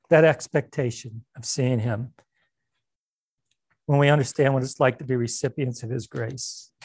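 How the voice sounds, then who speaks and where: A man preaching a sermon as pastor, animated and conversational, with asides and restarts. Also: on the high side, dry recording, studio quality.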